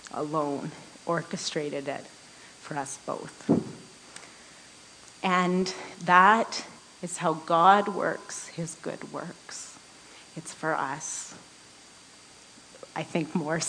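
A woman giving a personal devotional talk to a women's group, telling a story earnestly and often laughing softly mid-sentence. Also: lowish voice, a little hiss or hum, low-quality recording. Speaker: women's ministry speaker.

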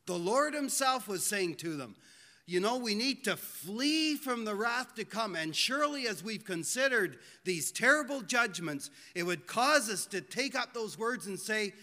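A man preaches to a congregation in an earnest, pleading voice, drawing out key words. His voice sits high and sounds bright and forceful. The sound rings with the long reverb of a church hall. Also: animated. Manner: earnest, pleading, slows for emphasis. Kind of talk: sermon.

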